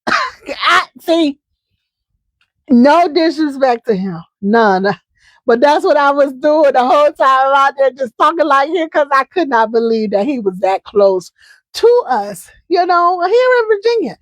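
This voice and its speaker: A woman hosting a live chat in a high voice, chatty and emphatic, often repeating a point twice. The sound is dry, with no room echo around her. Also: animated, unhurried. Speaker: host.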